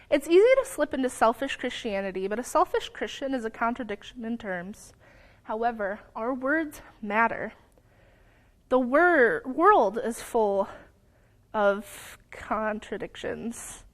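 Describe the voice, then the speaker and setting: A young woman giving a sermon in a church, earnest, sometimes stumbling over her words and apologizing, lively when telling a story. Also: on the high side. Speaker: lay preacher. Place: church sanctuary.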